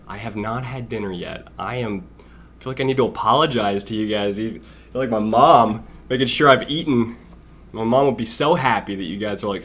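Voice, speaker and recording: A man's voice: on the low side, fairly bright tone, a little hiss or hum. Chatty young man hosting a live stream. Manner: rambling, chatty, greets chat by name, laughs often. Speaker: livestream host. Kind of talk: casual live stream chat.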